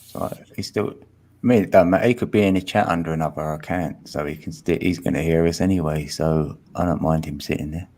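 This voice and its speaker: A man's voice: a bass voice, brisk, mellow. A man hosting a live stream panel in casual, slangy chat, laughing often.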